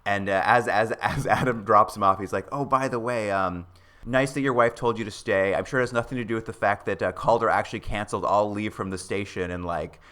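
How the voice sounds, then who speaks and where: A man talks through a TV episode in a relaxed podcast chat, voicing the characters as he goes. His voice sits a little low but rings bright and forward. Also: fairly quick. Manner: animated storyteller, acts out characters' lines. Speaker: podcast co-host. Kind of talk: casual chat recapping a TV show.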